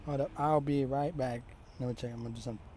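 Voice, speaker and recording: A young man spins an improvised fan story off the cuff, rambling in slang and correcting himself mid-sentence. His voice is mellow and warm, at an ordinary male pitch. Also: steady tone, quick pace, a little hiss or hum.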